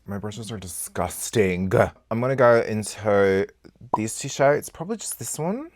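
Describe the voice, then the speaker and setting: Candid, foul-mouthed man with a lowish voice. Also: normal speed, creaky, slight background noise. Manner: candid and expressive, swears freely, swings between loud outbursts and quiet asides. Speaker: beauty vlogger. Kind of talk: casual get-ready-with-me chat.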